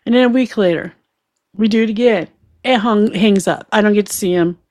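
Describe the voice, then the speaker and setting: A woman recounts a personal story in a lively, casual way, swearing freely and laughing as she acts out the dialogue. Her voice sits in a middle pitch. The sound is dry, with no room echo. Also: a little fast.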